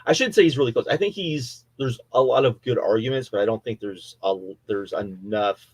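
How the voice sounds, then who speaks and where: A man's voice: medium pitch, brisk, slightly rough, dry recording, low-quality recording. A man co-hosting a casual podcast debate, often stopping to restart and correct himself mid-thought. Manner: hesitant, restarts and self-corrects while arguing. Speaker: podcast co-host.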